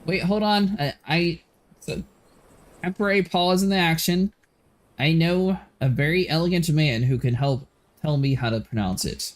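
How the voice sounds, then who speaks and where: A man's voice: fairly high pitch, moderate pace. A man live-streaming a game, chatting and joking with his viewers and a co-player. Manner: chatty, jokey, talks to chat and co-players, laughs often. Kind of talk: live gameplay stream chat.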